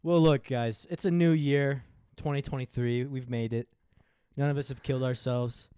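A young man hosting a casual online podcast, loud, profane and teasing, laughing a lot. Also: medium pitch, steady tone, moderate pace, smooth, dry recording, clean studio sound. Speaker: podcast host. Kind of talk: casual crude podcast banter.

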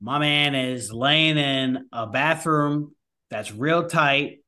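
A firefighter talks casually as a podcast guest and rambles through his points with restarts. His voice is bright and forward, at a middle pitch. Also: slow. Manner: rambling, many fillers and restarts. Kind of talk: casual conversation.

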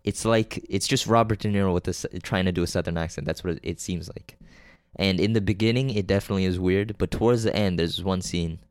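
Deep-voiced man rambling through a movie recap. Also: fast talker, hardly any pauses, clean tone, dry recording. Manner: rambling and loose, with many fillers, restarts and frequent swearing; offhand and unpolished, losing names mid-sentence. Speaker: podcast host reviewing movies. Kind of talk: casual solo movie recap.

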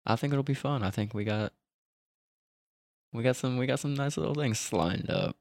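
A man co-hosting a podcast in casual chat, easygoing and quick to laugh at himself. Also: medium pitch, gravelly, no room sound. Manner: easygoing, laughs at his own failed accent attempts. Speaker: podcast co-host.

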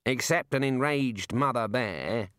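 A man's voice: mid-range voice, unhurried, a bit bright, clean tone, no room sound, clean studio sound, natural voice. A man doing a plodding old wizard scholar. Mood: matter-of-fact.

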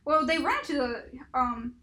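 Chatty female podcast co-host, high bright voice, casual. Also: moderate pace, slight background noise. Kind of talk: casual chat.

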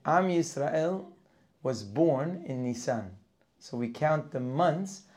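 Slow and with lively intonation, a slightly high male voice leads a Torah lesson for Rosh Hashanah. He works line by line, reading the Hebrew and then translating it, getting higher and louder as the class goes on.

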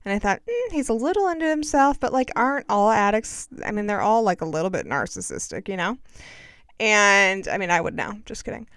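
Woman podcast host, casual chat, quick sarcastic asides, crisp voice. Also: mid-range voice, sing-song, a bit bright, no room sound, clean studio sound. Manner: chatty, sarcastic, self-deprecating.

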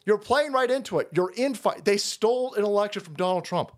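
A man with a strikingly high voice tears through a profane political rant on his stream. He repeats himself for force and drops into mocking imitations of the people he argues against. His talk runs hot and relentless. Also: expressive, fast talker. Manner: heated, profane, repetitive ranting with sarcastic mock quotes.

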